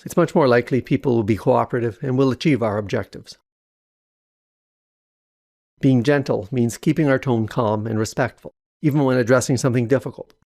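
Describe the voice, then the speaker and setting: Calm man with a gravelly voice. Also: mid-range voice, dry recording, studio quality. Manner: calm, measured, instructive. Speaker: self-help educator. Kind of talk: scripted narration.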